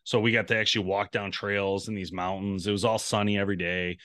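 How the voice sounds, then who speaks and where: Casting note: low-pitched male podcast co-host, rambling casual storyteller, dry close sound. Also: flat delivery, fast talker, sharp tone, no echo. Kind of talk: casual chat.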